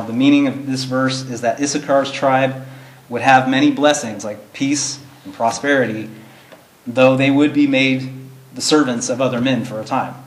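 Male Bible study teacher, mid-pitched, earnest and plain-spoken, in an echoey room. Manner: earnest, explains plainly, reads verses in King James wording. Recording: roomy echo.

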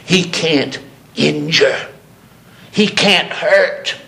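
A man preaching a sermon with passion, repeating phrases for emphasis and climbing from low murmurs to high, ringing cries. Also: extremely slow, vocal fry, sharp tone.

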